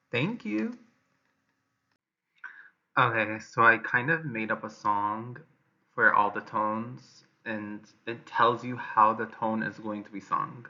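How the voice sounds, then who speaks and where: A man's voice: mid-range voice, pushed and bright, dull audio. A man teaching chant, singing short melodic lines and explaining them with hesitant, self-correcting asides. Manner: hesitant, self-correcting between sung demonstrations. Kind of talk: sung and spoken chant lesson.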